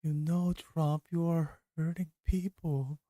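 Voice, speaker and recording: A man's voice: flat delivery, slow pace, mellow, no room sound. A man doing a mocking impression of an earnest female politician who sounds close to tears. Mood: plaintive. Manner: high, whiny, plaintive.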